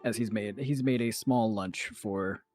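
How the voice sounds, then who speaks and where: A man with a lowish voice narrates his character's actions at a tabletop game, stopping and restarting as he goes. He slips into teasing the other players, and soft music plays underneath. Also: a little slow. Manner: hesitant, many fillers and restarts, then teasing. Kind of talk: casual tabletop role-play narration.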